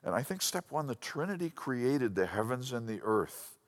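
A man giving a sermon-style Bible lesson, animated and storytelling, often restarting his sentences. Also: mid-range voice, normal speed. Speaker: Bible teacher.

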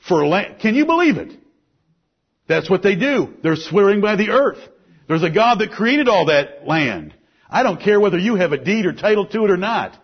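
A man preaching a sermon, emphatic, rising to loud peaks and then dropping low. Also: big pitch swings, normal speed, slightly rough. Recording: muffled lo-fi recording.

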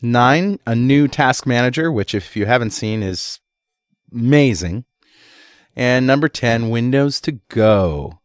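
A man's voice: medium pitch, measured pace, no room sound, studio quality. A man co-hosting a tech podcast in casual chat, counting down a list with upbeat energy. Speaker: co-host.

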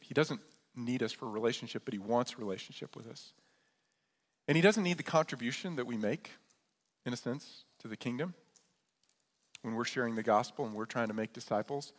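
A man's voice: mid-range voice, normal speed, pauses often. A man, a pastor, preaching a sermon in a conversational way, often checking in with his listeners. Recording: long church reverb.

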